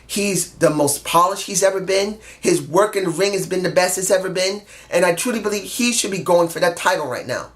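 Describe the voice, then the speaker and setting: A man's voice: sits high, brisk, few pauses. Man, vlogger reviewing wrestling: blunt and profane, heated, hammers points home by repeating them. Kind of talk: opinionated solo review rant.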